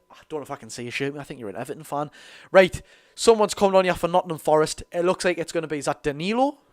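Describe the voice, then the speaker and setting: A teenage man with a Geordie accent giving a live fan commentary on a football match, talking to his chat, his voice going hoarse. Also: on the high side. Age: teens. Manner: excitable, chatty, calls the play and talks to chat. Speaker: fan watch-along host.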